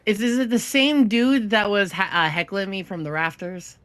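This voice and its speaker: A woman playing in a tabletop game, blunt, teasing and quick-witted. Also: mid-range voice, steady tone, fairly bright tone, smooth. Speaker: player. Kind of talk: casual chat at a tabletop game.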